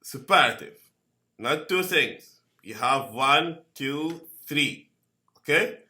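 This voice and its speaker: A man teaching a grammar lesson. He speaks slowly, repeats each word and keeps asking "okay?". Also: a little high, lively intonation, pushed and bright. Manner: slow, repeats words and asks "okay?" often. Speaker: English teacher.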